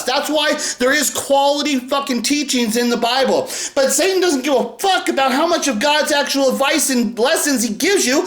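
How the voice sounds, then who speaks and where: A man with a high voice rants furiously and swears nonstop, now and then erupting into shouts. He sounds like he is in an echoey room. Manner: aggressive, profane, shouting bursts. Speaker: commentary video creator. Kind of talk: angry profane rant.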